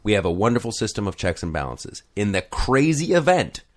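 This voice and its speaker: Sarcastic low-voiced male talk host. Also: very animated, a little fast. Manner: sarcastic, mock-outraged, puts on voices. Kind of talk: casual political banter.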